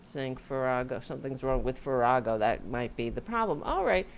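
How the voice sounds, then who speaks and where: Low-voiced tired woman livestream host. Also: lively intonation, normal speed, slight background noise. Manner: rambling, self-interrupting, joking. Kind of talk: casual livestream chat. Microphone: home mic with audio interface.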